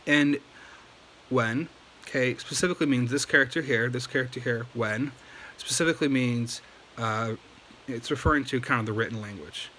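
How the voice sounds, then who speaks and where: A male Chinese language teacher gives a casual lesson at home at night, patiently explaining and saying okay after each point. His mid-range voice is bright and forceful at normal speed, in a low-quality recording with slight background noise.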